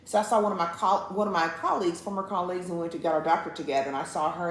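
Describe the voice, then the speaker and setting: A woman, co-hosting a couples show and telling a story to viewers in a casual, animated way, acting out each line of dialogue. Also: on the low side, very fast, hardly any pauses. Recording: roomy, with faint background noise.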